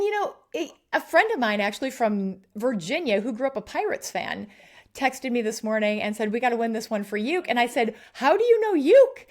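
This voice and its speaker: Enthusiastic woman hosting a podcast. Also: a little high. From Wisconsin. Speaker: podcast host. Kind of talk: casual interview chat.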